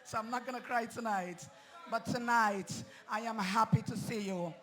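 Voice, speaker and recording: A man giving a fiery campaign speech at an outdoor rally, rousing and shouting slogans into a stage microphone. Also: extremely high pitch, moderate pace. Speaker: political rally speaker.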